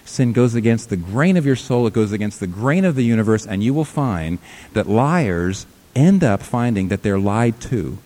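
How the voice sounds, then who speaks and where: A man preaching a sermon as pastor, emphatic, rising to loud peaks and dropping to quiet low lines. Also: animated, moderate pace.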